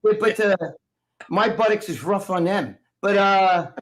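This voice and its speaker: A man with a New Jersey accent, whose voice sits high for a man, rambles through a casual live-stream chat. He swears freely and acts out the people in his stories. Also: unhurried. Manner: profane, rambling storyteller who acts out other people's voices. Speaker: co-host of a live stream talk show.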